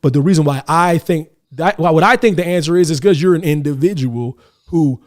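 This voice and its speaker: A man hosting a podcast, chatting casually and telling animated stories with acted-out quotes. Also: on the high side, fairly quick. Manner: animated storytelling, acts out quotes. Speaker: podcast host.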